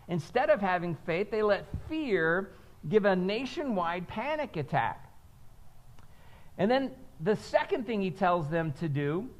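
Male pastor, high animated delivery, unhurried, chatty sermon with call-and-repeat lines. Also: dull audio. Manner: conversational preaching with frequent "right?" check-ins; has the congregation repeat phrases back.

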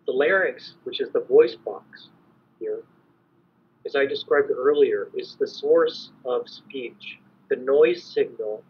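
A man giving a measured, explanatory academic lecture as an invited conference speaker. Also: medium pitch. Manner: measured, explanatory, clears throat at times. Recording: dull lo-fi recording.

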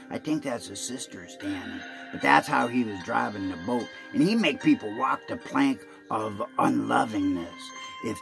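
Slow, gravelly man with music behind. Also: medium pitch. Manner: rambling, playful, with pirate talk. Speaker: video preacher. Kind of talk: rambling homemade video sermon.

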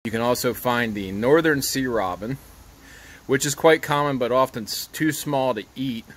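A fishing charter captain, a man, casually explaining as he cooks in his home kitchen, plain-spoken and relaxed as he works. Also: mid-range voice, moderate pace. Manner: plain-spoken, relaxed, talks while working. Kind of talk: casual how-to cooking vlog.

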